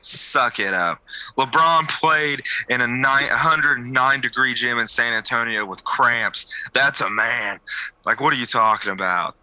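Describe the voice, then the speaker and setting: A young man co-hosting a podcast, a basketball coach telling animated stories in a casual sports chat, with big jumps in pitch at the punchlines. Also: unhurried, no room sound, rough recording.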